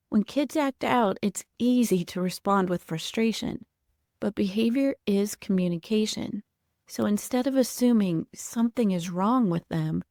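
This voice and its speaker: A middle-aged woman therapist narrates an educational podcast in a calm, measured voice. Her tone is mellow and soft rather than bright. The recording is close and dry, with no room sound. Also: medium pitch, no room sound. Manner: calm, measured, gently acts out caregiver quotes.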